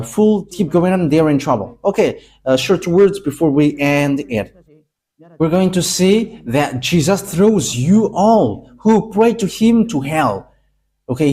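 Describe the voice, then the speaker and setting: A man from Madagascar, preaching a sermon in emphatic, halting English with frequent pauses. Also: fairly high pitch, a little mellow.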